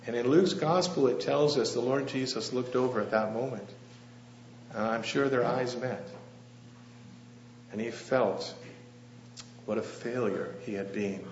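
A man's voice: medium pitch, a little slow, long pauses. Man preaching a storytelling sermon, echoey room. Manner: gentle storytelling, asks the congregation questions. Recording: echoey, slightly dull room with faint hum.

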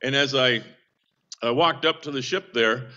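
A man in a casual ministry update, telling stories that wander and restart as he goes. His voice sits at an ordinary middle pitch. The recording is a little dull and lo-fi. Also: measured pace, pushed and bright. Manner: rambling anecdotal storytelling with restarts. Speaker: seamen's mission worker.

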